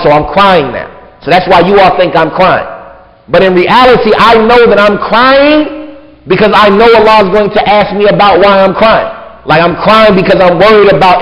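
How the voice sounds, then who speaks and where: A man teaching a religious lesson in a casual, conversational way, saying "like" and "right?" often. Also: high-pitched. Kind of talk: mosque lesson with translation. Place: large mosque hall. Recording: dull lo-fi recording with long hall reverb.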